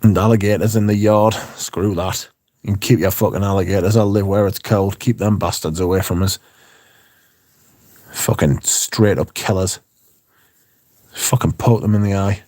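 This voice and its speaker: A man's voice: deep voice, fairly even intonation, normal speed, long pauses, darkish tone, no echo, studio quality. A man, hosting a livestream in casual chat, reading viewer comments in a rambling, profane, wry way. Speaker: livestream host.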